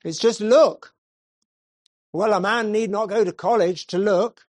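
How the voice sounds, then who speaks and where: The voice rises high and loud as a preacher puts on a humble, plain-spoken lay preacher, fervent and blunt. He repeats his call urgently and insistently, in slow, deliberate phrases. The sound is close and dry, with no room echo. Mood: earnest, plain. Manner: pleading, insistent repetition.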